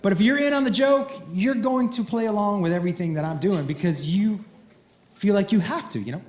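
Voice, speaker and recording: A middle-aged man doing stand-up, telling crude stories in a playful, animated way with sudden loud outbursts. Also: high voice, brisk. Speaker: stand-up comedian. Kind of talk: stand-up storytelling. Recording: roomy echo with faint noise.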